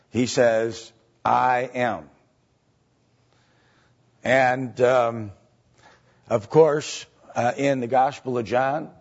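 A man teaching a Bible study lecture, halting with fillers and often checking in with "right?" and "okay?". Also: mid-range voice, darkish tone. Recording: dull lo-fi recording.

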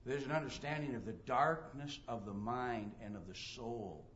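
A man's voice: medium pitch, normal speed, a bit bright, muffled recording, a little hiss or hum. Emphatic man preaching a sermon. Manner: emphatic preaching, reads scripture aloud, acts out quoted dialogue.

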